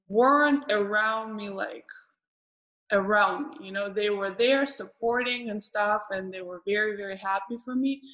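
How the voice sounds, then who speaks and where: A woman hosting an interview in casual conversation, speaking haltingly with many restarts and laughing readily as she tells stories. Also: medium pitch, fairly bright tone, poor audio. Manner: halting, with frequent restarts and self-corrections. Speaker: podcast host.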